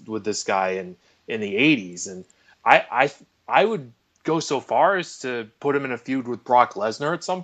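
A man's voice: medium pitch, slightly rough. Opinionated man on a podcast panel. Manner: opinionated, emphatic. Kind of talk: casual panel chat.

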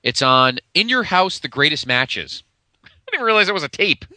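A man's voice: a little high, normal speed, dry recording. A man co-hosting a podcast, chatting casually and loosely about old wrestling matches with lots of fillers and restarts. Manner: animated, meandering, many fillers. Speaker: podcast co-host. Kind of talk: casual chat reviewing old wrestling shows.

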